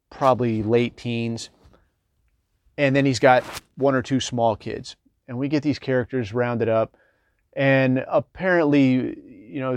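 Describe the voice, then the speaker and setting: A man's voice: mid-range voice, dry recording. A middle-aged man, a military veteran, telling rambling, digressive stories in a casual, conversational way full of fillers. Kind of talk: casual anecdotal storytelling.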